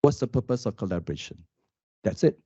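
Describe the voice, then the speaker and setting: A man and youth worker on a conference panel, telling a story with lively questions to the audience. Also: fairly low pitch, fast, breathy edge, dry recording, dull audio.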